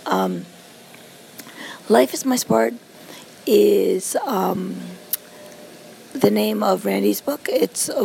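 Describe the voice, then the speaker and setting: A woman's voice: medium pitch, creaky, a little mellow, slight background noise, rough recording. A woman who survived a stroke, casually telling a personal story with many asides and fillers.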